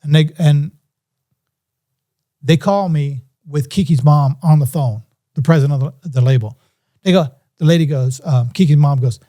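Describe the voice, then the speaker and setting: A man's voice: fairly high pitch, normal speed, dark tone. A middle-aged man and music producer telling a story in an interview, acting out phone calls in different voices.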